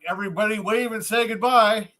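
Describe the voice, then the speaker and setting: A man with a high voice hosts a live stream over a video call. He jokes loosely with his guests and often trips over his own words. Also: fairly even intonation, a little fast, pushed and bright. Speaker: host of a live music talk stream. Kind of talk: casual live stream chat.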